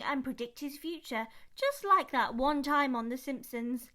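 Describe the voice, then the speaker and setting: A young woman with a British accent runs an energetic drama workshop, chatty and playful. Her voice sits high and sounds bright and crisp. The recording has a noticeable echo from the room around her. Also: normal speed, few pauses. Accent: British English. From Britain. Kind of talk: lively teaching to camera. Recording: echoey room.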